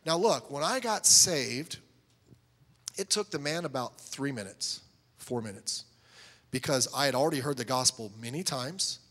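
A man's voice: medium pitch, expressive, a little slow, a bit bright, in a large hall. A middle-aged man preaching a sermon as a pastor, telling stories and acting out both sides of conversations.

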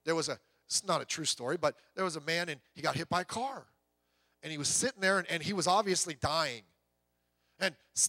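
A man's voice: sits high, brisk, no echo. A middle-aged male pastor preaching in a conversational, joking way, telling stories and acting out voices. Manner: animated storyteller, acts out voices, rising to loud exclamations. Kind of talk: conversational sermon with humor.

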